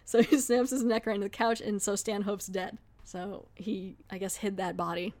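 A woman podcast host casually recaps a TV episode, chatting, laughing now and then, and slipping into quick acted asides. Her mid-range voice is a little mellow, with a flat delivery.

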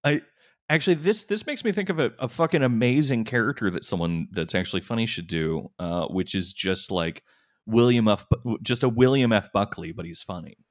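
A man co-hosting a podcast in casual comedic chat, with dry, deadpan irony. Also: lowish voice, brisk. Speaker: podcast co-host.

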